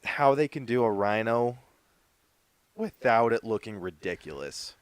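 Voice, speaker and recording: A man's voice: mid-range voice, sing-song, unhurried, dry recording. A young man co-hosting a podcast, chatting casually and rambling with lots of "like" fillers. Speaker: podcast co-host. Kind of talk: casual chat.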